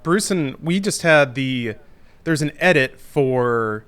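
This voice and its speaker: A young man co-hosting a podcast, talking in an excitable, rambling way with many fillers. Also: mid-range voice, takes it slowly, smooth. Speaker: podcast co-host. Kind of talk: casual chat.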